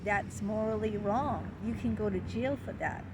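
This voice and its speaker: A woman's voice: mid-range voice, moderate pace, noisy background, lightly acted. A woman voicing the superego as a dutiful conscience that lectures about right and wrong. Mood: prim. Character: prim moralizing superego conscience.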